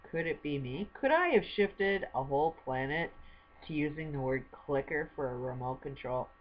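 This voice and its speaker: A woman's voice: sits low, lively intonation, moderate pace, highs cut off, a little hiss or hum. An older woman vlogging at home, chatting to camera in a rambling way and laughing often. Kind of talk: casual chat to camera. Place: at home with a pet bird.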